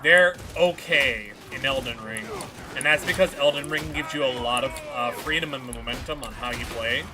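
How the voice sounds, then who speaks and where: A man's voice: medium pitch, normal speed. A man streaming a video game, chatting in a rambling, offhand way and swearing often. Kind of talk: casual chat while gaming. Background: game music.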